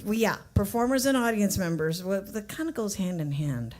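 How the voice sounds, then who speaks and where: A woman's voice: medium pitch, very animated, normal speed, darkish tone, slight background noise. A woman hosting an open mic at a coffee shop, teasing the crowd and joking between acts. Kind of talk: emceeing a live event.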